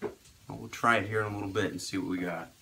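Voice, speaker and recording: A man's voice: lowish voice, fairly even intonation, quick pace, vocal fry, very noisy. A man, a doctor, chatting casually through a cooking vlog in his home kitchen, upbeat and self-deprecating. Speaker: doctor vlogging about meal prep. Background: kitchen sizzle.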